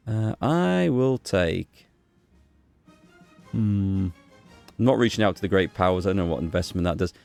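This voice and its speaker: Deep-voiced man musing over a strategy game. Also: darkish tone. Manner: thinks aloud, musing with fillers and small restarts. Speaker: gaming YouTuber. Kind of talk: casual gameplay commentary.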